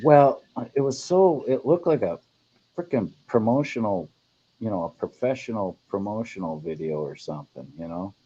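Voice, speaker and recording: A man hosting a casual group chat, joking, teasing and laughing loudly. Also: fairly low pitch, animated, moderate pace, breathy edge, muffled recording. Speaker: podcast host.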